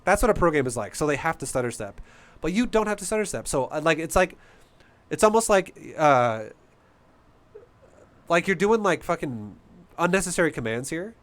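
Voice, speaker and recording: A man's voice: fairly high pitch, sing-song, moderate pace, pauses often. A man coaching a player through a game replay in a casual, blunt, profane and passionate way. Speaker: StarCraft coach.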